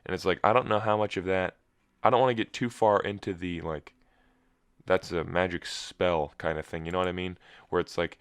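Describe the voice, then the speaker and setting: A man's voice: low voice, fairly quick, no room sound, clean studio sound. A young man hosting a solo podcast, groggy and just woken up with a cracking voice, telling a rambling story with wry asides. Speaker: podcast host.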